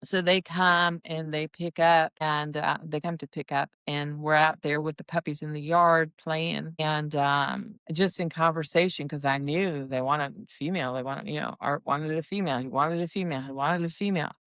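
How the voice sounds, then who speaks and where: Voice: mid-range voice, fairly even intonation, normal speed, hardly any pauses, a bit bright, smooth, no echo. A dog breeder telling stories in a casual, rambling chat full of asides. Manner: chatty and rambling, with many restarts and asides.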